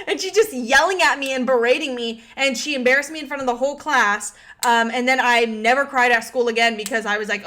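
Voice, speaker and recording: A woman's voice: high voice, fairly quick. A young woman chatting casually on a livestream, telling stories with lots of swearing and filler words. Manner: swears often, animated storytelling with many "like" fillers. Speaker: influencer livestream host.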